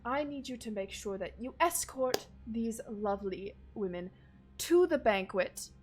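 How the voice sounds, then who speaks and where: A woman voicing a suave, effusive nobleman who flatters his guests in a high, theatrical voice, during a tabletop game. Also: measured pace, slightly rough, faint music behind. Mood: commanding.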